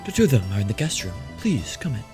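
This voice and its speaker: A man's voice: mid-range voice, sing-song, fast talker, over music, lightly acted. A man putting on a stiff courteous old butler. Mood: polite. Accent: put-on European accent, poorly done. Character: formal elderly male butler, polite.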